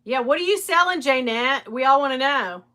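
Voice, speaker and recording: A chatty middle-aged woman hosts a live stream in a bright, forceful, slightly high voice. She speaks candidly and swears freely, laughing often as she talks straight to her viewers. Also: lively intonation, moderate pace. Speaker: live stream host reselling designer bags. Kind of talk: casual live stream chat.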